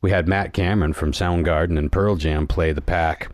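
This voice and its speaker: A man's voice: deep voice, fairly even intonation, normal speed, no room sound, clean studio sound. A middle-aged man hosting a podcast, telling stories in a rambling, laid-back way. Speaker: podcast host. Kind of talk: casual chat.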